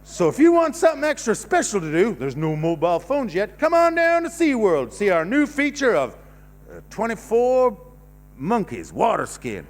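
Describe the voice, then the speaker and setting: A man voicing a brash male TV announcer from a 1970s advert, with a loud hard-sell pitch in a stand-up bit. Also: huge pitch swings, normal speed, in a large hall.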